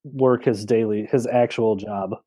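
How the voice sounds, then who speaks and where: A man speaking as a podcast guest in casual chat, modest and self-deprecating, with halting restarts. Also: fairly low pitch, steady tone, dark tone.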